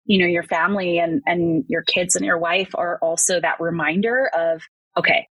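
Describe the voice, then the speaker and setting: A woman hosting a podcast interview, her voice a little low and husky. She talks in a reflective, rambling way, circling back and restarting her thoughts. The sound is dry and close. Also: fairly even intonation, moderate pace, a bit bright, no echo, highs cut off. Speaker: podcast host.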